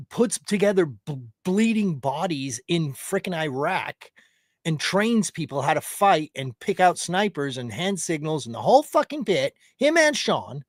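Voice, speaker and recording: A man's voice: sits high, dry recording, studio quality. A man streaming a heated, profane commentary, mocking the person he talks about. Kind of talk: ranting commentary.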